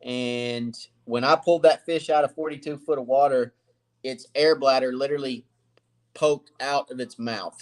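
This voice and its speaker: Male fishing host, live-stream chat from his workshop, loose and rambling, mid-pitched voice. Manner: rambling, easygoing, greets viewers by name. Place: cluttered home workshop.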